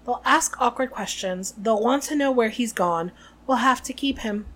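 A woman reading aloud the lines of a stern, anxious middle-aged aunt in a brisk, snappish way. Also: fairly high pitch, a bit bright.

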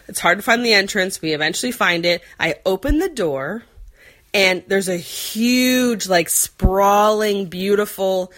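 A woman in her forties, with a medium-pitched, fairly bright voice, tells a rambling story in a casual, chatty way. Her talk is full of fillers, and she laughs often.

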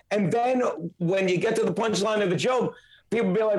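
A man's voice: high voice, steady tone, quick pace. A man hosting a podcast, ranting emphatically and with lots of profanity in casual chat. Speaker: podcast host.

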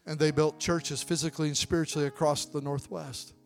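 A young male preacher with a high voice delivers a sermon, telling a story in a warm conversational way and then rising into shouted, drawn-out appeals. Soft instrumental music plays faintly behind him. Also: flat delivery, vocal fry.

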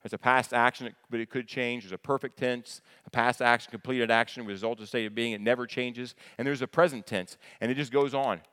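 A man, a pastor, preaching a sermon with lively questions to the congregation, often repeating words and restarting phrases. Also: medium pitch, fairly quick, few pauses, clear, resonant tone. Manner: animated preacher, asks the congregation questions and answers them. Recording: long hall reverb.

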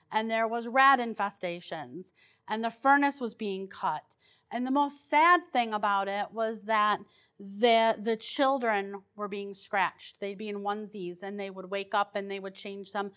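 A woman's voice: mid-range voice, fairly bright tone. A woman paranormal investigator telling her stories in a chatty, rambling way, with restarts and fillers. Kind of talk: casual storytelling.

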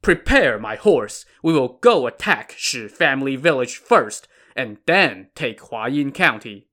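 Brash scornful bandit boss, man doing the voice, bouncy pitch, bright tone. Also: sing-song, takes it slowly, heavily acted. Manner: brash, blustering. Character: hot-headed scornful male bandit chief.

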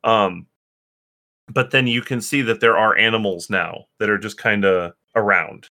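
A man's voice: on the low side, unhurried, sharp tone. A man narrating a tabletop game as game master, hesitant and full of restarts. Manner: hesitant, many fillers and restarts.

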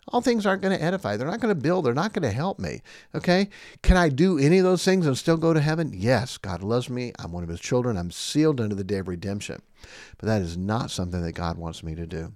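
A man's voice: mid-range voice, darkish tone, dry recording, studio quality. A man preaching on a podcast, reading scripture and firing off scornful rhetorical questions.

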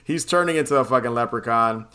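A man's voice: mid-range voice, fast talker, pushed and bright. A man casually recapping a film plot on a podcast, rambling, swearing and laughing often. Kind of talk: casual chat.

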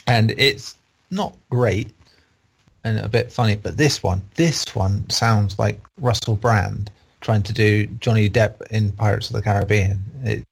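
A man's voice: lowish voice, a little slow, vocal fry, slightly rough. A man reviewing games in a casual, rambling and opinionated chat. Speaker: game reviewer on a podcast.

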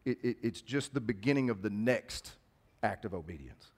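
A man's voice: fairly low pitch, expressive, normal speed, darkish tone. Man preaching a casual sermon. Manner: conversational preaching with call-outs to the congregation. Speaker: pastor. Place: church.

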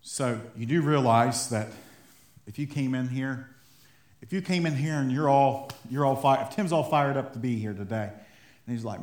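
A man's voice: medium pitch, a little slow, darkish tone. A man preaching a sermon in a conversational way, acting out little quotes and building to fired-up emphasis. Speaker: pastor. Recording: echoey room.

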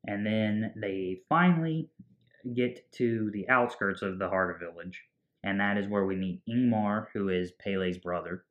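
A man's voice: fairly low pitch, measured pace, fairly bright tone, muffled recording. A man casually recapping a film scene by scene, acting out the characters' lines as he goes. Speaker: movie podcast co-host. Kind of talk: casual movie recap chat.

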